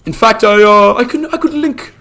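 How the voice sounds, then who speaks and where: A man's voice: high voice, normal speed, pushed and bright. A man voicing a polite, flustered old wizard while streaming a game, stammering and speaking in formal old-fashioned phrases.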